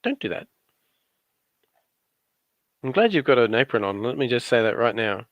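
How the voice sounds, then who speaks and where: A man's voice: mid-range voice, very animated, normal speed, no echo, highs cut off. A middle-aged man with an Australian accent giving playful, teasing commentary on a casual craft livestream. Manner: playful, teasing, dry asides.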